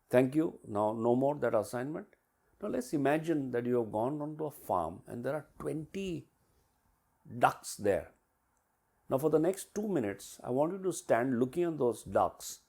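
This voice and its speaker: Male business mentor, storyteller, voices swing widely in pitch and volume as he acts things out. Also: moderate pace, creaky. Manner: animated, acts out quotes and sounds with big swings in pitch and loudness. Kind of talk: storytelling coaching talk.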